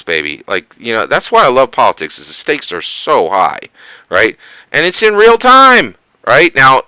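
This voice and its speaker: An American man from Philadelphia giving casual political commentary, emphatic and animated, often tagging "right?" onto his points. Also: medium pitch, no echo, rough recording. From Philadelphia, United States.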